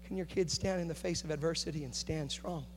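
A man preaching a sermon, moving between quiet, confiding talk and loud, rising passion. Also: on the high side, fairly even intonation, fairly quick. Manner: builds from hushed to shouting intensity. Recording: echoey hall with faint hum.

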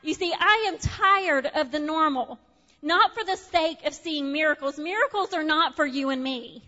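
High-voiced woman preaching in a reverberant hall. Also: normal speed, dull audio. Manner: earnest and heartfelt, sliding from loud to soft and hushed. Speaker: pastor. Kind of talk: sermon. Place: church sanctuary.

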